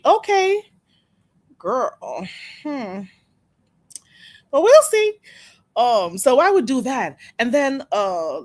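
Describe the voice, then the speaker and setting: A woman's voice: mid-range voice, no echo. A woman hosting a casual live stream, chatting with her viewers, gossiping and laughing often.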